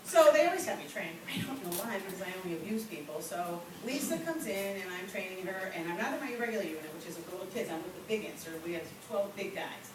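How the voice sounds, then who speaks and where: A middle-aged woman doing a stand-up comedy set with chatty storytelling and deadpan asides. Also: medium pitch, fast talker, hardly any pauses, noisy background. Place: comedy venue with live audience. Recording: echoey distant amateur room recording.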